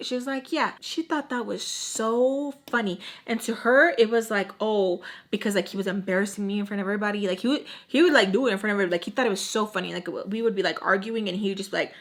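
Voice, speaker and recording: A woman with a mid-range voice tells a long personal story fast, with few pauses, in a casual storytime-vlog style. She animatedly acts out quotes, drops Spanish words, swears a lot and repeats phrases.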